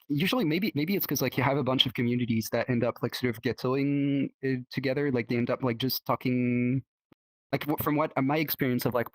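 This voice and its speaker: A man's voice: medium pitch, dry recording. A man with a French accent, a native French speaker talking in English, chatting casually as a podcast guest, full of restarts and fillers. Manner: halting, many restarts and fillers. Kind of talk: casual chat.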